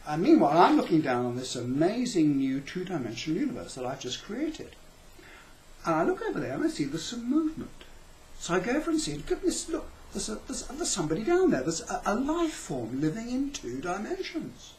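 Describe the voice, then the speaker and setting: A man's voice: high voice, wildly swooping pitch, fairly quick, darkish tone, reverberant, a little hiss or hum, poor audio. Rambling, chatty male lecturer. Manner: rambling, chatty, with self-interrupting repetitions. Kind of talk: comic lecture.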